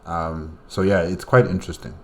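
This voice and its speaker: A man's voice: low voice, steady tone, normal speed, noisy background. A man hosting a reaction video, commenting casually in a rambling way with many fillers.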